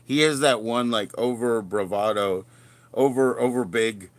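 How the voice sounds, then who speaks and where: A man's voice: medium pitch, measured pace, no room sound. A man hosting a livestream, chatting casually in a rambling, jokey and crude way. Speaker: livestream host.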